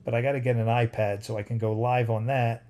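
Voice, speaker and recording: A man hosting a casual livestream at home at night, reading viewer comments aloud and drifting off into tangents with excitable reactions. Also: medium pitch, a little fast. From United States. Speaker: livestream host. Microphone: phone.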